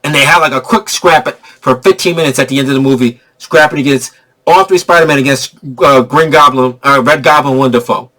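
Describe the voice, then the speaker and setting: A young man giving an excitable, slangy spoiler review of a movie, repeating himself for emphasis. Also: mid-range voice, brisk.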